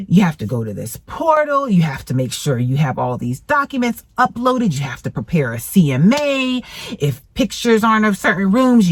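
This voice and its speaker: A woman real estate agent, chatting casually to camera and quoting people in lively voices. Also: lowish voice, no room sound. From Georgia, USA. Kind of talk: casual vlog talk to camera.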